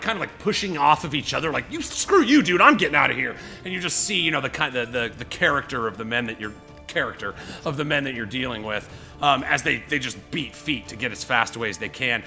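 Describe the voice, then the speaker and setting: A man's voice: medium pitch, fast talker, soft background music. A man narrating as game master, rambling with many fillers and acting out the scene. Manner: rambling, lots of "you know" and "like"; animated, acts out scenes.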